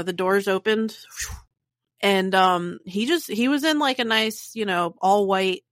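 A woman co-hosting a podcast, relaxed and playful, rambling through casual stories. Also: mid-range voice, no room sound, clean studio sound. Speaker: co-host.

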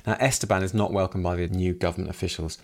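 A man's voice: sits low, fairly even intonation, quick pace. A man hosting a solo book review podcast, summarizing the plot with wry asides.

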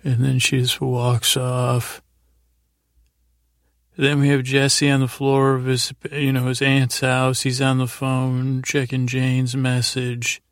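A man's voice: medium pitch, monotone, slow pace, no room sound, clean studio sound. A man hosting a sleep podcast, loosely retelling TV scenes in a meandering bedtime ramble.

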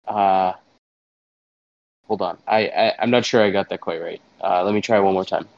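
A man's voice: sits low, fairly even intonation, moderate pace, vocal fry, long pauses, no echo, dull audio. A man playing a nervous interpreter in a comedy sketch, hesitant and stammering, with many fillers.

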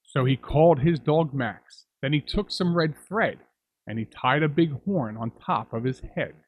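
Husky man reading a rhyming story. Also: fairly high pitch, measured pace, dry recording, low-quality recording. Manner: dramatic, drawing out repeated words. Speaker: narrator and show host.

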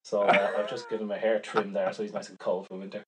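Rambling, animated man chatting. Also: fairly low pitch, quick pace, a loud crowd, poor audio. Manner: rambling, animated storyteller who quotes voices. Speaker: veterinarian podcast co-host. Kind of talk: casual chat.

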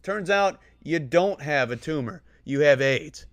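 A man's voice: fairly high pitch, lively intonation, measured pace, no echo. A young man co-hosting a podcast, joking in a laid-back way and swearing freely. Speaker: podcast co-host. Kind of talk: casual chat.

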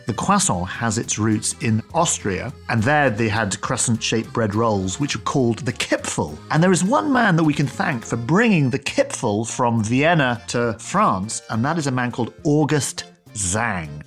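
Playful podcast host, lively voice. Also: male voice, mid-range voice, unhurried, faint music behind. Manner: playful, theatrical, with mock French exclamations. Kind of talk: podcast presenting and interviewing.

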